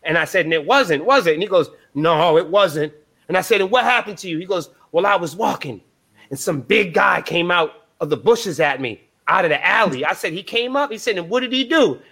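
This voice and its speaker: Brash, profane male storyteller with a high voice, acting out the dialogue. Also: lively intonation, a little fast, gravelly, bright, forceful tone. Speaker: band member guest. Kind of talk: casual storytelling. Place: live podcast interview.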